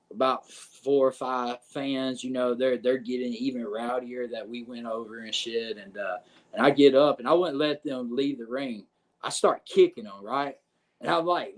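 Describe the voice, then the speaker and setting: A man, a pro wrestler telling stories as a podcast guest, cursing often and checking in with his listener. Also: medium pitch. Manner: profane, animated, keeps saying "you know what I'm saying". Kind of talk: casual podcast storytelling.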